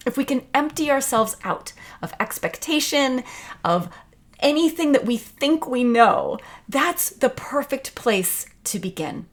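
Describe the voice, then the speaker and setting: A woman's voice: sits high, animated, measured pace. A woman teaching a video lesson on creativity, talking in an enthusiastic, conversational way. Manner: enthusiastic, conversational, acts out quotes.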